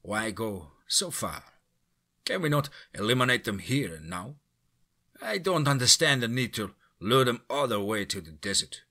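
A man voicing a tired man with a thick Slavic accent who speaks slowly. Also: lowish voice, lively intonation, pushed and bright, slightly rough, exaggerated voice. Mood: weary.

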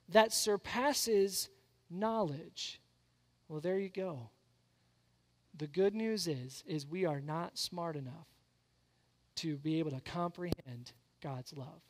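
A man in his thirties preaching a sermon, animated and storytelling, swinging from soft reflection to loud excitement. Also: high voice. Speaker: pastor. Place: church sanctuary. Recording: long church hall reverb.

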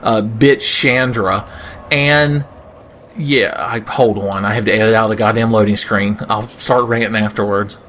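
This gaming video host's voice is fairly low and fairly bright, with fairly even intonation at a measured pace, and slight background noise. He rants through sarcastic, profane comedy over gameplay, doing silly voices.

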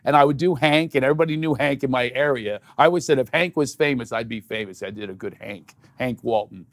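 A middle-aged man, a comedian who chats as a guest. He jokes at speed and hits his punchlines loud. His voice sits mid-range and sounds dry and close to the mic. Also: mid-range voice, dry recording. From Philadelphia, USA. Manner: quick, jokey, bursts of loud punchlines. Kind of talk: joking interview chat.

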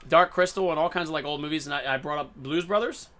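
A man's voice: a little high, fast, a bit bright. A man streaming a video game live, chatting casually and playfully with a running, jokey commentary.

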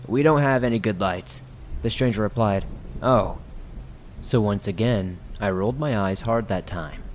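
A man reading a horror story aloud in a steady, measured narration. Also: lowish voice, slight background noise, rough recording.

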